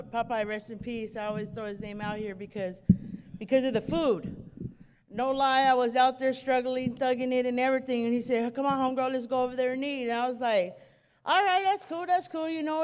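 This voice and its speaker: A woman's voice: fairly high pitch, a little mellow, in a large hall, slight background noise. Nervous woman giving church testimony. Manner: casual street slang, halting with many restarts. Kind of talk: spoken testimony at a church service.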